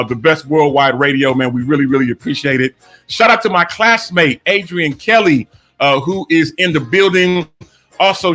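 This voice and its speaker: A man hosting a live online radio show, chatting casually and giving listeners shout-outs. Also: fairly high pitch.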